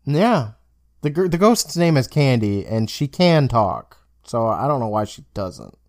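A young podcast co-host recaps a TV episode in casual chat, animatedly telling the story and acting out the characters' lines. His medium-pitched voice is unhurried. The audio is studio quality with no room sound.

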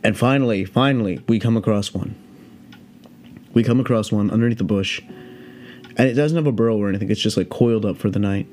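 Rambling, profane young man, high, low-pitched. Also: fairly quick, long pauses, a little mellow, a little hiss or hum. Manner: profane, meandering, laid-back. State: high on cannabis. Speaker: podcast host. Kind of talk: rambling casual storytelling.

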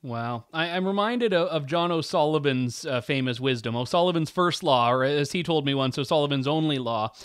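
A man's voice: a little high, brisk, hardly any pauses, a bit bright, clean tone, no room sound, clean studio sound. A man hosting a talk show, thanking his guest earnestly and signing off to listeners. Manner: earnest, with frequent small restarts. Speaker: show host. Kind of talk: interview and show sign-off.

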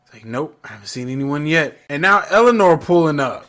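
Casual male co-host, bright and forceful, higher-set voice, retells scenes with voices. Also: brisk. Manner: animated, acts out lines in character voices, laughs often. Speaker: show recap co-host. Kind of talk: casual reaction chat.

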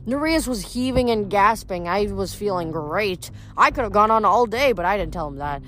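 A woman reading a novel aloud, steady and plain, with occasional slips and restarts. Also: mid-range voice, moderate pace, slight background noise. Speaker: reader.

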